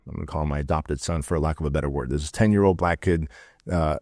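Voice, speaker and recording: Fast-talking low-voiced man, blunt storyteller. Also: no room sound, clean studio sound. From Soviet Union. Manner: energetic, blunt, slangy, acts out quotes. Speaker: podcast guest, entrepreneur. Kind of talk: casual podcast interview storytelling.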